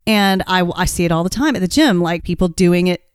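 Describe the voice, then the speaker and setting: A woman's voice: lowish voice, fairly quick, clean tone, no echo, studio quality. A woman co-hosting a podcast in casual chat, encouraging and coaching her co-host. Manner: encouraging, coaching tone, pushes the other to act.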